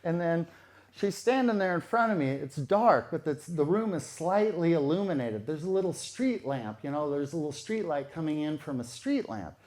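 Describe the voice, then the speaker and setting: A man's voice: on the high side, big pitch swings, moderate pace, darkish tone. A man telling a true story in a casual, conversational way, repeating phrases for effect.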